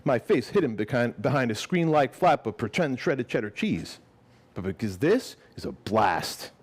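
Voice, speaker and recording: Casual: guy reading his story out loud at a gallery thing, super animated voice, swears when he goes off-script. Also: medium pitch, moderate pace, breathy edge. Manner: lively and expressive, casual and swearing when speaking off the page. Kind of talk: live reading of fiction, then casual explanation. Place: gallery event before a live audience.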